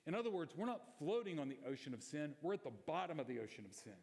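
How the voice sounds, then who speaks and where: A man's voice: on the high side, big pitch swings, fast talker, darkish tone. Conversational man preaching in a reverberant hall. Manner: conversational and emphatic, with rhetorical questions. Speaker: pastor. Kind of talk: sermon. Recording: long reverb of a church hall.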